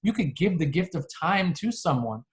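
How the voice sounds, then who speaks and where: A man's voice: a little high, expressive, moderate pace. A man co-hosting a podcast, talking earnestly in casual chat and often restarting his sentences. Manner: earnest, frequent restarts and laughs. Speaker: podcast co-host.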